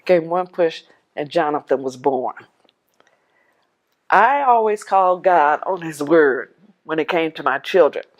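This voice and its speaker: A woman telling her own life story as a personal testimony, animated and laughing often, dropping her voice when she quotes others. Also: low-pitched, unhurried, long pauses.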